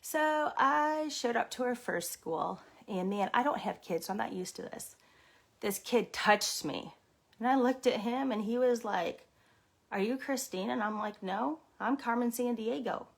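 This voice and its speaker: A woman telling an animated, mock-stern story while playing a thief character, with sudden exclamations and repeated catchphrases. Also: a little high, unhurried, vocal fry. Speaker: daycare owner vlogger.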